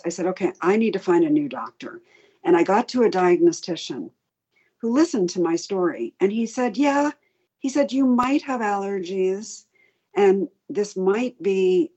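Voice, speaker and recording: A middle-aged woman, a patient advocate, speaks in a husky mid-range voice on a muffled recording. Interviewed about her experience, she recounts it frankly and vividly, voicing the doctors' lines herself.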